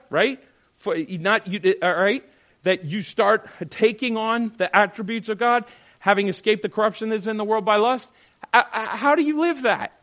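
A man leading a Bible study group, teaching in an animated, questioning way and acting out quotes. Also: high-pitched.

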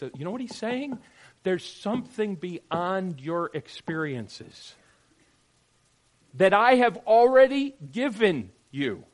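A man preaching a sermon as pastor, swinging from loud emphatic lines to quiet, joking asides with his congregation. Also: sits high, sing-song, slow pace.

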